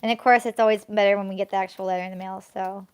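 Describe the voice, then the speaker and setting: A young woman reading tarot cards on a live stream, chatting to viewers as she draws cards and sometimes breaking into excited squeals. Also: medium pitch, very fast, smooth. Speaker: tarot card reader.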